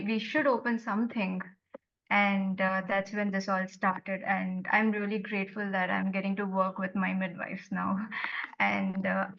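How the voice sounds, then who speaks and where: A woman speaking at a parents' panel, earnest and halting with many fillers. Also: medium pitch, highs cut off. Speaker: executive director, former birthing mother. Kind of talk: panel discussion remarks.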